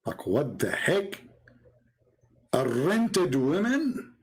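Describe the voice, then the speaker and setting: A man giving mocking, sarcastic commentary as he reads from a website on screen. He swings from low mutters to sudden high exclamations. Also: very animated, drawn-out words, a little mellow, low-quality recording. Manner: mocking and sarcastic, with exaggerated mock praise. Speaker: religious debater and commentator.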